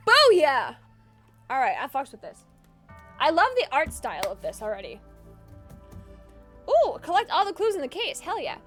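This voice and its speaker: A woman's voice: high-pitched, wildly swooping pitch, moderate pace, long pauses, faint music behind. A woman streamer giving chatty, casual gaming commentary, giggling often and swearing casually.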